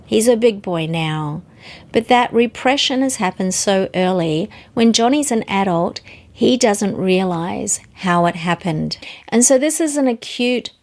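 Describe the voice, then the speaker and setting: Earnest woman teaching through stories. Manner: earnest storytelling, varies pitch for emphasis. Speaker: psychology teacher.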